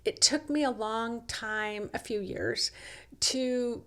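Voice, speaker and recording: A woman talks through a reflective self-help monologue at a slow, easy pace. Her voice sits fairly high, and her manner is coaxing and unhurried. Now and then she acts out short quoted exchanges of inner dialogue. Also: a bit bright. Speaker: host.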